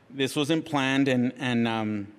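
A middle-aged man shares a personal testimony before a church gathering, speaking frankly and poking fun at himself. He talks in a chatty, loose way, often restarting his sentences, at a mid pitch. His voice carries a long reverb from a large hall. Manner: frank and self-mocking, chatty with lots of restarts. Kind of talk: candid personal testimony, casual storytelling.

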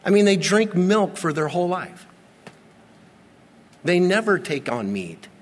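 A man in his forties preaching a sermon, earnest and repetitive, with dramatic slow pauses. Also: sits high, very animated, a little hiss or hum. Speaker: pastor. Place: church sanctuary. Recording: long reverb of a large church hall.

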